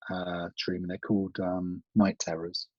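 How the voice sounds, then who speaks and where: A man, a therapist guest on a podcast, explaining patiently in a casual chat, often restarting and trailing off into quiet. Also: low voice, monotone, a little slow, no room sound. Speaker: CBT practitioner guest. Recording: dull, muffled podcast audio.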